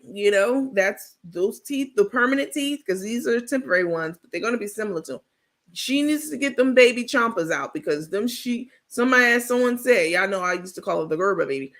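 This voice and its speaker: A woman's voice: a little high, a bit bright. Sassy woman host, casual gossip commentary, blunt and profane, rambles with fillers. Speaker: host of a reality TV gossip stream.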